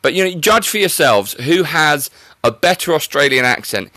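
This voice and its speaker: A man's voice: on the high side, sing-song, moderate pace, sharp tone, no echo. A young man hosting a podcast in casual chat, joking and teasing his guest, often poking fun at himself. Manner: joking, self-mocking, teasing. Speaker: podcast host.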